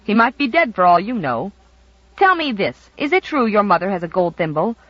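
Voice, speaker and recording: An audiobook reader voicing a nosy, scolding old grandmother who talks in a sharp, blunt way. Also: mid-range voice, sing-song, moderate pace, dry recording, highs cut off, natural voice. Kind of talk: audiobook character voice.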